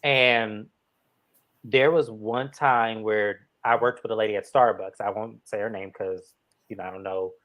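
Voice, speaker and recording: A man's voice: on the low side, fairly even intonation, measured pace, fairly bright tone, rough recording. A man from the Bay Area, a regular guest on a casual recap show, speaking articulately and repeating phrases for emphasis. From San Francisco Bay Area.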